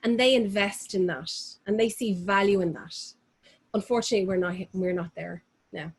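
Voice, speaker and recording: A woman's voice: mid-range voice, moderate pace, husky. An Irish woman, a fashion designer, answering interview questions with passion, often laughing and restarting her sentences. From Ireland.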